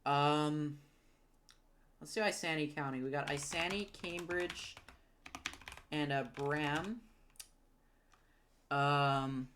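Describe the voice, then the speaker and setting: A woman recalling and naming towns out loud, hesitant with many ums, correcting herself and apologizing for her pronunciation. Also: low voice, slow, long pauses, a little hiss or hum. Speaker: geography video creator. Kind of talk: casual recall while typing.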